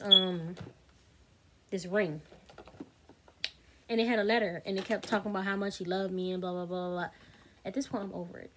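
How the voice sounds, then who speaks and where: A woman's voice: mid-range voice, fairly bright tone, a little hiss or hum. A woman, telling a storytime vlog straight to her viewers, candid, blunt and swearing freely. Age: 30s. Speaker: vlogger.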